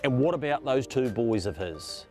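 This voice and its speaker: A man presents a racing interview show with a brisk, upbeat delivery. His pitch is middling, and a soft music bed plays underneath. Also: expressive. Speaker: host. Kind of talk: interview with scripted intro.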